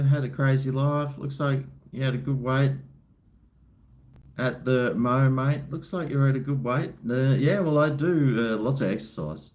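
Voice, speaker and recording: A man's voice: mid-range voice, measured pace. A middle-aged Australian man from Queensland hosting a casual livestream, rambling and answering viewer comments, calling people mate. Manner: relaxed, rambling, says mate a lot. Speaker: livestream host.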